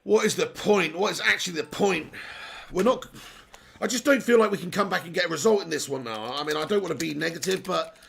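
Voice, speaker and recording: A man's voice: high voice, a little fast, creaky, fairly bright tone, slightly rough. A young man hosting a live football watch-along, ranting in exasperation and repeating himself, his voice strained and sore.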